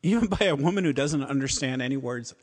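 A man's voice: medium pitch, expressive, quick pace, long reverb tail. A man co-hosting a casual chat about TV episodes, rambling and acting out quotes. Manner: rambling, acts out quotes, frequent "like". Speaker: podcast co-host.

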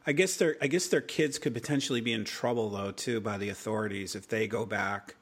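A man co-hosting a casual TV recap podcast, thinking out loud and posing questions. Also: fairly low pitch, brisk, slightly rough. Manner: musing, thinks aloud with questions. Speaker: podcast co-host.

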